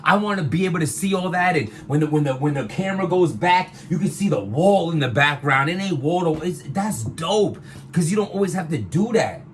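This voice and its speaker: A man ranting casually to his viewers, animated and slangy, repeating himself as he vents. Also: a little high, a little fast. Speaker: vlogger, battle rap commentator. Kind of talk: casual opinion rant to camera.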